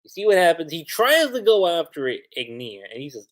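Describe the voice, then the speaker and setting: A young man talks through an anime episode on a casual livestream, piling up fillers and restarts. His pitch rises and falls in a very lively way. He sits close to a desk mic. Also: brisk, hardly any pauses. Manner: animated recap with many fillers. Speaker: anime reviewer.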